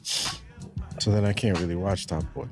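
A man, co-hosting a casual chat, jokey and quick to jump up in pitch when excited. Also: soft background music. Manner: animated, jokey, swings high when excited.

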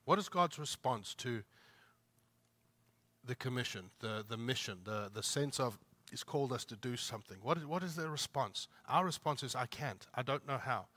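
A man's voice: mid-range voice, lively intonation, normal speed, pushed and bright. A man preaching a sermon, emphatic, repeating his points and asking the listeners rhetorical questions. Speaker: pastor.

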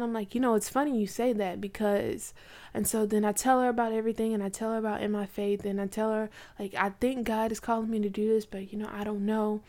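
A woman's voice: medium pitch, darkish tone. A woman in her twenties casually telling a personal faith story, chatty, with lots of likes and you knows. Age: 20s.

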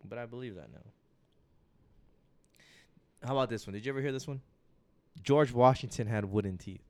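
A man's voice: medium pitch, normal speed. A man co-hosting a casual podcast, rambling and joking as he leads topics. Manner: laid-back, rambling, joking. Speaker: podcast co-host.

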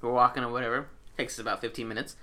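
A man's voice: mid-range voice, little pitch movement, very fast, bright, forceful tone. A young man tells a long story in casual chat, swearing freely and acting out his friends' lines.

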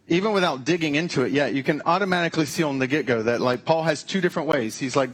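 A man's voice: fairly high pitch, fast talker, hardly any pauses, a bit bright, husky. A man preaching a conversational sermon, with frequent restarts and casual asides. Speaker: pastor.

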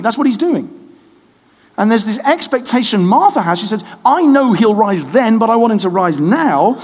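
Preacher, man, 30s, high voice, chatty sermon delivery, long reverb of a church hall. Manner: lively, conversational, jokes with the congregation.

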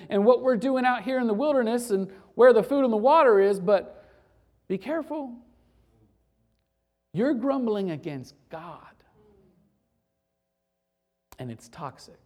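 A man's voice: high-pitched, a little mellow. A male pastor preaching a sermon to his church, emphatic and repeating phrases for effect.

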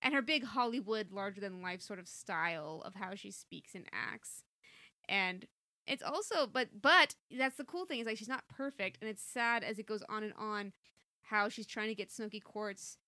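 A woman's voice: medium pitch, animated, normal speed, sharp tone, no echo, clean studio sound. A young woman co-hosting a podcast, chatting enthusiastically about a cartoon episode and laughing often. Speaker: podcast co-host.

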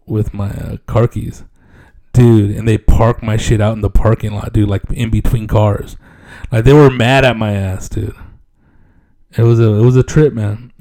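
A man's voice: on the low side, vocal fry, a little mellow. A man telling a story in a casual, laid-back way, swearing freely and acting out other people's lines. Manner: laid-back and profane, peppered with "dude"; acts out other people's lines in raised voices.

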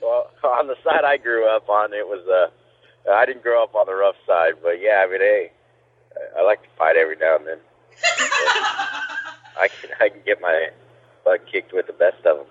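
A man's voice: sits low, moderate pace, pauses often, a little hiss or hum. A man in his thirties from Southern California, a race driver talking casually with radio hosts over the phone from a car, laid-back and laughing easily. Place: in a car with passengers. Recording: tinny phone line.

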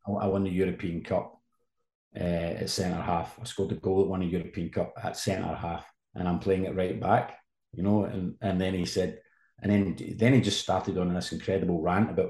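Male journalist guest, low voice, rambling anecdotes, roomy echo. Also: flat delivery, normal speed, warm tone. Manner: rambling, storytelling with restarts. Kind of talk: casual anecdote telling.

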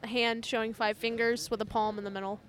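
A woman speaks as a cosplay guest at a convention booth. She is playful and dry, answering with teasing jokes and deadpan remarks. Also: on the high side, fast, clean tone. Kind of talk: casual convention interview.

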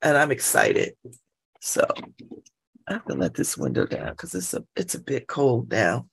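A middle-aged woman chatting casually at home by an open window, laughing often and breaking into animated asides. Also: extremely low pitch, a little slow, gravelly, slightly rough. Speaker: vlogger. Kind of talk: casual monologue.

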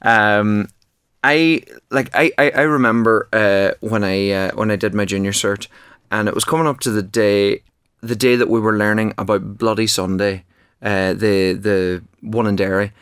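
An author and actor, appearing as a guest in a conversational interview, talks keenly about his book, with many false starts and repeated words. His voice is lowish, steady, and a bit bright with a clean tone, at normal speed. The studio sound is clean, with no echo.

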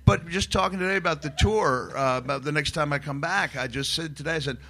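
A middle-aged man, a guest on a live podcast, telling animated stories and laughing often as he mimics other people. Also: fairly high pitch, fast talker. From United States. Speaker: guest, wrestler turned comedian. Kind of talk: live podcast chat, storytelling.

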